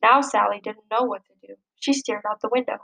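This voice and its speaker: Woman reading a kids' picture book out loud, lively and expressive, voice on the higher side. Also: a little fast, vocal fry, low-quality recording. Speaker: storybook reader. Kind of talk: children's story read-aloud.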